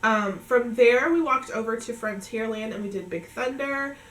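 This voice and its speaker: A woman's voice: on the high side, normal speed, fairly bright tone, echoey room, far from the mic, rough recording. A woman in her thirties from New England, telling a long trip story in a chatty way, full of "like" and acted-out dialogue. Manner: chatty, filler-heavy retelling with quoted dialogue. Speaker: family vlogger. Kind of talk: casual storytelling recap.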